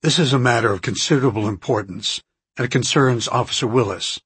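A husky-voiced man playing a firm, insistent government doctor who speaks in a clipped, formal way. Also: medium pitch, fairly quick, a bit bright, no room sound.

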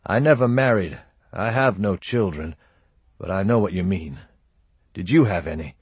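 A husky, world-weary army colonel, as a man reads him in a storybook reading, speaking plainly and with dry wit. The voice sits low, close and dry. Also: expressive, moderate pace, dry recording. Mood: somber. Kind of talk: audiobook character voice.

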